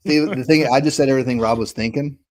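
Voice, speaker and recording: A man's voice: medium pitch, quick pace, a little mellow. A middle-aged man from Kentucky with a Southern accent, talking casually as a podcast co-host, folksy and earnest with restarts and tag questions. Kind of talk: casual political chat.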